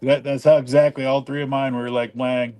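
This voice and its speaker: A man telling stories in a casual chat, halting and stammering. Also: medium pitch, flat delivery, dark tone, smooth.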